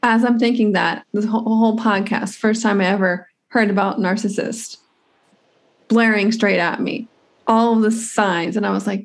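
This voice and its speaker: A woman's voice: medium pitch, fairly even intonation, moderate pace. A woman hosts a podcast and speaks in an earnest, reflective way. She often restarts her sentences as she works through her thoughts in casual conversation. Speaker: podcast host.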